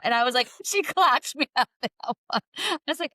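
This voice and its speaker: A woman's voice: fairly high pitch, expressive, fast talker, no echo. Effusive woman podcast host. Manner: warm-hearted, effusive, laughs easily. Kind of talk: podcast interview.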